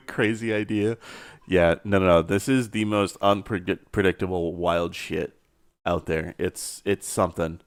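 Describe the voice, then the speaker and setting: A man working as a content creator, dictating scene descriptions in a halting way with fillers and pauses, then chatting casually. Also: deep voice, no room sound, clean studio sound.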